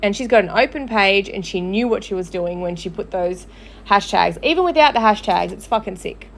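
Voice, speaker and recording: A woman's voice: mid-range voice, animated, fairly quick, gravelly. Angry swearing woman ranting on a livestream. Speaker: gossip page host. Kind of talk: livestream commentary.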